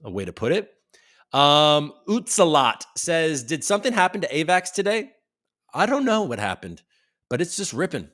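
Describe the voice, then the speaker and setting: A man's voice: fairly high pitch, big pitch swings, moderate pace, a bit bright. A man hosting a casual livestream, chatting loosely and reading viewer comments aloud as they come in, with the odd swear. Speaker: livestream host.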